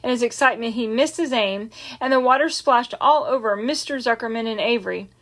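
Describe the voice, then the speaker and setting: A woman narrating a children's chapter book aloud in a gentle, expressive way, lingering on key words. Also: a little high, brisk. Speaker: audiobook reader. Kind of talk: storybook read-aloud narration.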